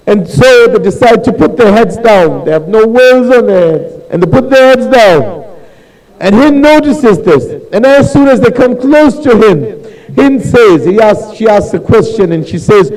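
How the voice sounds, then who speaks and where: Male preacher, high dark-toned voice, storytelling sermon. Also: expressive, normal speed, long reverb tail, low-quality recording. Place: mosque hall.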